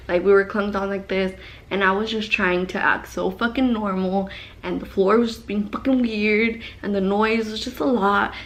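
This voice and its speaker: A young woman tells a story straight to camera, animated and loose. She swears freely and wanders into side comments as she talks. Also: medium pitch. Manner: animated, swears a lot, rambling asides. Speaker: vlogger. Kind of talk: casual story time.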